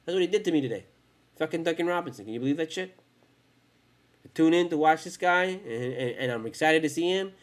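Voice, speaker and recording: A man's voice: on the high side, expressive, quick pace. A tired man hosting a fan podcast, ranting in a profane, rambling and heated way late at night. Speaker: sports fan podcast host. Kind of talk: casual rant.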